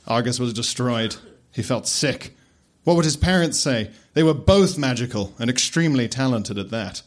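A man narrating a comic story deadpan and often laughing. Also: medium pitch, normal speed.

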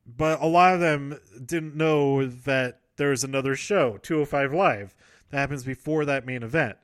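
A man's voice: medium pitch, normal speed, no echo, studio quality. A man casually recapping wrestling events, rambling, correcting himself and laughing often.

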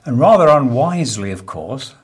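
A man's voice: medium pitch, big pitch swings, normal speed, breathy edge. A man hosting a radio show, telling stories and jokes in a dry, self-mocking way and laughing at his own punchlines. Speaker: radio host.

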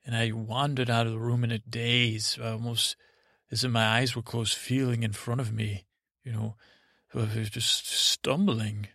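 A man hosting a podcast, telling a meandering bedtime story in a halting, self-correcting way. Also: medium pitch, flat delivery, sharp tone, dry recording.

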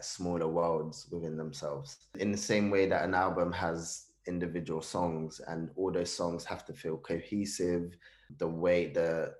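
Low-voiced poet in an echoey room. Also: male voice, darkish tone. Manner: thoughtful, restarts phrases, uses British slang. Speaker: poet, interview guest. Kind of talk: reflective conversational interview.

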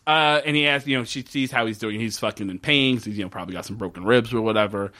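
A man co-hosting a casual podcast, retelling a TV episode with lively storytelling and swearing. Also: lowish voice, quick pace. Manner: animated storytelling, quoting characters in shifting voices, swearing. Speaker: podcast co-host recapping a TV episode. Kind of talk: casual chat.

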